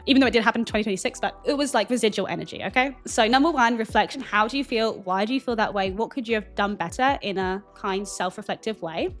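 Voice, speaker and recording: A young woman hosting a lifestyle video, giving candid, chatty advice and calling her listeners honey. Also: on the high side. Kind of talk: casual advice chat to camera.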